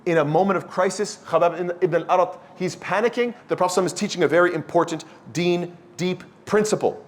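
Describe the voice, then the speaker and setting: A man giving a youth halaqa talk, animated, acting out imagined speakers with emphatic rises. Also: sits high, brisk. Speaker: preacher.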